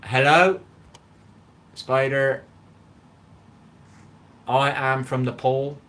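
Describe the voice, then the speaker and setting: A man's voice: mid-range voice, steady tone, drawn-out words, a bit bright. Chatty Bristol man live-streaming from his kitchen. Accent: Bristol English. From England. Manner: chatty, greets viewers by name, reads out chat. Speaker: live-stream cooking host. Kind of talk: casual live-stream chat with viewers. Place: home kitchen.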